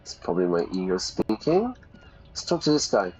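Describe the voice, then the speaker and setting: A man's voice: low-pitched, very animated, normal speed, a little mellow, slightly rough. A man teaching English while playing a game, chatty, reading game text aloud and explaining words. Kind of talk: casual let's-play lesson. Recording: slightly dull sound.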